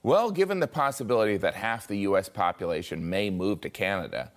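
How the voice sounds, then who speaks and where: An American man delivers a scripted comic commentary in a wry, deadpan way. His voice sits a little low but moves a lot in pitch, and he slips into mock voices for quick asides. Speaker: comedy commentator.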